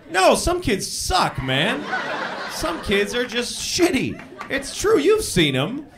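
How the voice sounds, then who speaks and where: A man in his thirties performing live stand-up comedy on a club stage, deadpan and self-mocking, with a lot of swearing. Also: very high voice, normal speed. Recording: live club recording with crowd laughter.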